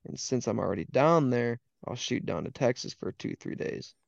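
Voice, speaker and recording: A man's voice: mid-range voice, expressive, normal speed, creaky, dry recording, lo-fi sound. A young man from Wisconsin with an Upper Midwest accent, a laid-back podcast guest who laughs easily and acts out what people said to him. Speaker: podcast guest, hunting guide. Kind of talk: casual chat.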